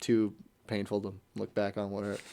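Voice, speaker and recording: A man's voice: lowish voice, monotone, normal speed, gravelly, dark tone, smooth. A young American man hosting a radio show, chatting casually and rambling with lots of restarts. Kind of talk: casual chat.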